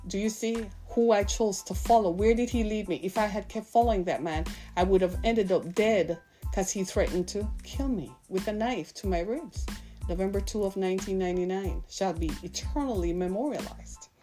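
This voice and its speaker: A woman's voice: mid-range voice, moderate pace, mellow, faint music behind. A woman in her fifties preaching a sermon, impassioned and full of rhetorical questions to her listeners. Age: 50s.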